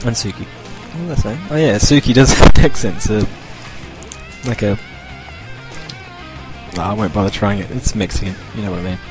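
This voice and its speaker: A young Australian man talks on his own podcast in a loose, rambling way, chuckling often and staying irreverent. His voice sits on the low side, and faint guitar music plays underneath. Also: moderate pace, long pauses. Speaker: podcast host. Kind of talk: casual solo podcast rant.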